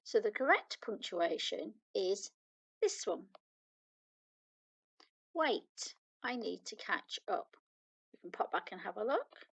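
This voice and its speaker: A woman's voice: medium pitch, very animated, slow, vocal fry, long pauses, breathy edge, poor audio. A woman primary school teacher with a British accent, patiently reading example sentences aloud in a recorded online lesson for children. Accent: British English.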